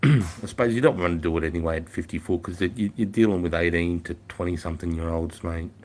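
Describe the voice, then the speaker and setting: A man's voice: deep voice, fast talker, darkish tone, slight background noise. A man, chatting casually to viewers in a blunt, profane storytelling manner. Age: 50s. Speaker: livestreamer and former army instructor.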